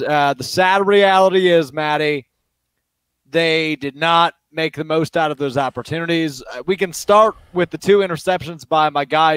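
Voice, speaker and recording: A man hosting a post-game sports talk show, talking quickly with lots of fillers and getting worked up. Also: a little high, clear, resonant tone, no echo. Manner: fast, excited, many fillers. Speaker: show host.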